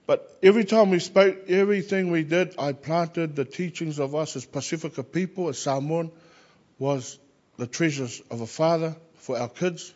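A man, a Christian chaplain, telling lively personal stories and acting out the voices of the people in them. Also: on the high side, normal speed, lo-fi sound. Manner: animated anecdotes, acts out quoted voices. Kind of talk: personal storytelling.

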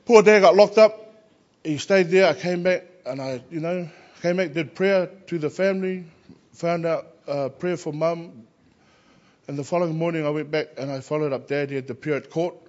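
A man, a Christian chaplain, telling lively personal stories and acting out the voices of the people in them. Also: fairly high pitch, normal speed, lo-fi sound. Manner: animated anecdotes, acts out quoted voices. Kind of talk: personal storytelling.

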